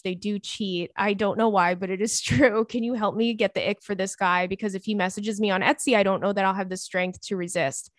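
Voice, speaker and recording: A woman hosting an advice podcast, reading listener mail aloud with playful, slangy commentary. Her voice sits in a middle pitch, and the recording is dry and close with no room sound. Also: dry recording. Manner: animated, playful, chatty slang. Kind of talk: reading and reacting to listener email.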